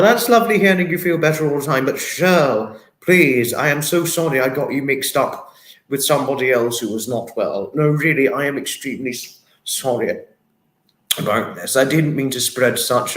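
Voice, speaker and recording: A man's voice: medium pitch, moderate pace, a bit bright, reverberant. A man hosting a casual livestream, reading chat comments and thanking viewers in an apologetic, effusive, giggly manner. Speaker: livestream host.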